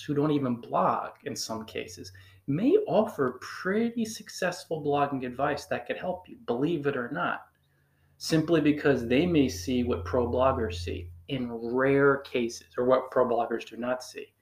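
A man from northern New Jersey with a northern New Jersey accent, a blogger talking casually to his listeners and firing off emphatic rhetorical questions. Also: mid-range voice. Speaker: blogger giving advice. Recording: echoey room.

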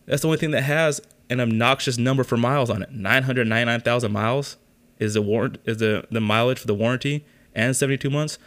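A man's voice: mid-range voice, fast talker, a bit bright. A young man hosting a podcast, telling a story in a casual rant, exasperated and full of swearing. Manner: exasperated, profane ranting. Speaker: podcast host.

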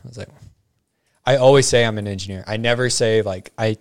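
A man's voice: on the low side, a little fast, smooth. A young man from Arizona telling a story in casual chat, quoting the people in it and laughing often. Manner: animated anecdote with quoted voices and frequent laughs.

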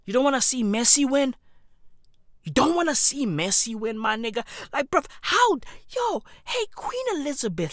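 A woman delivering a profane comedic rant, full of slang, dropping into low mutters and then bursting into shouts. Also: sing-song, measured pace, no echo, studio quality. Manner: slangy and repetitive, heavy swearing. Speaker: comic ranter.

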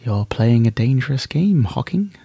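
A man voicing Monarch, a female AI voice in his head that teases softly and slyly. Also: medium pitch, sing-song, moderate pace, creaky, slightly rough, dry recording, exaggerated voice. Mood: teasing.

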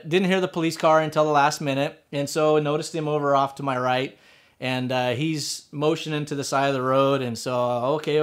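A man tells a personal story in a loose, casual way, with a slightly high-pitched voice. His speech rambles and is full of fillers and restarts. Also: a bit bright, clear, resonant tone. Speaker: motorcycle rider telling a personal story.

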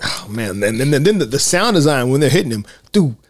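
A man's voice: mid-range voice, sing-song, fast talker, no room sound, studio quality. A man hosting a podcast, talking enthusiastically and a bit rambly about a movie, full of fillers and restarts. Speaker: podcast host. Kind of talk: casual film discussion.

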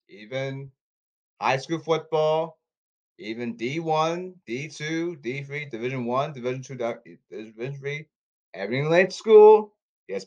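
Casting: man, slightly high voice, insistent and repetitive, restarts mid-sentence. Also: darkish tone, highs cut off. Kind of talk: rambling address to camera.

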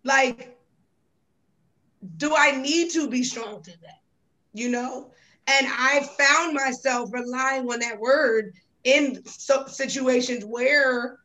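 A woman's voice: sits high, sharp tone, low-quality recording. A woman co-hosting a podcast, speaking in a reflective, thoughtful way. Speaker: podcast co-host. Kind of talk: casual podcast chat.

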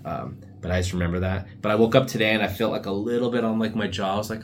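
A man's voice: low-pitched, animated, a little fast, hardly any pauses, darkish tone, slight background noise. A young man hosting a casual solo podcast, rambling through laid-back stories full of slang and asides. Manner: often drops into silly put-on voices for quotes. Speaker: podcast host.

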